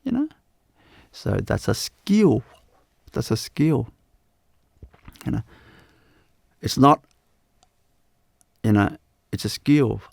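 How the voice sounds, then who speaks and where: A man teaching at a live spiritual event, talking slowly and leaving long pauses. His voice has a gravelly, creaky texture, and the sound is dry and close. He circles back over the same phrases with frequent "you know"s. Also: medium pitch, big pitch swings, a little mellow, dry recording. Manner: unhurried, repeats phrases, many "you know"s.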